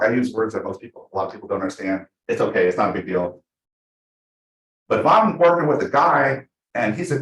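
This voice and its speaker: Animated man teaching in an echoey room. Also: mid-range voice. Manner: animated, chatty, acts out quotes. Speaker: real estate trainer. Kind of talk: live class talk.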